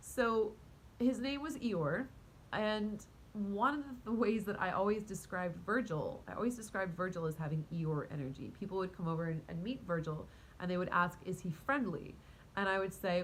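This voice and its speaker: A woman casually telling a story to her viewers in a rambling, animated way, full of fillers, restarts and quick laughs. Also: mid-range voice, a little hiss or hum, rough recording. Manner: talks to her cat mid-story. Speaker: vlogger and spiritual coach.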